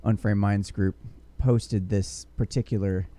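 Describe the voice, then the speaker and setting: A man's voice: fairly low pitch, steady tone, measured pace, mellow, no echo. A man co-hosting a podcast, rambling and joking with many restarts. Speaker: podcast co-host. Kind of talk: casual chat.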